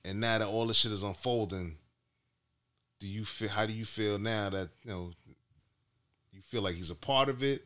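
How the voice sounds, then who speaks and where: A man's voice: fairly low pitch, normal speed, long pauses, fairly bright tone. A man co-hosting a podcast in casual banter, laughing and acting out reactions. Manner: laughing, acts out reactions in quotes. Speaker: podcast co-host.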